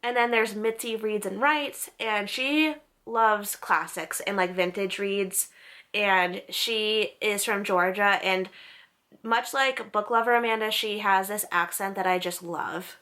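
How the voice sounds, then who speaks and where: A woman's voice: mid-range voice, takes it slowly, bright, forceful tone. A young woman casually talking through book channels she recommends, in a chatty, upbeat way. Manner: chatty, upbeat, unsure of name pronunciations. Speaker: book vlogger.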